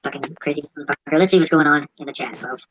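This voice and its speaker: A woman's voice: sits low, fast talker, a bit bright, slight background noise, low-quality recording. A woman hosting a podcast in casual, profane chat, mocking and laughing, stumbling as she reads aloud. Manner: crude, mocking, laughs often; stumbles while reading aloud. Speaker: podcast host.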